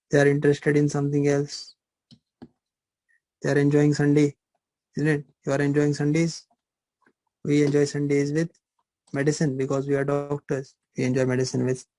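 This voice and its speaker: A man's voice: fairly high pitch, mellow, dry recording, poor audio. A middle-aged male pharmacology lecturer, teaching a live online class, repeating points and firing rhetorical questions at students. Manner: repetitive, asks rhetorical questions, teasing.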